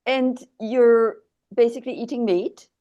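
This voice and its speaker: A woman's voice: a little high, steady tone, unhurried, dull audio. A woman hosting an interview, asking curious questions and prompting her guests to go on. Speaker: interview host. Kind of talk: casual interview conversation.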